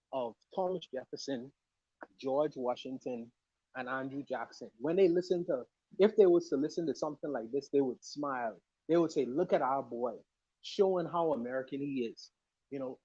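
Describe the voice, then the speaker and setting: A man speaking as a panelist on a livestream podcast, impassioned and emphatic, often laughing, his voice coming through low and muffled. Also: mellow, slightly rough, no echo. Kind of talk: casual livestream discussion. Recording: muffled, low-volume remote mic.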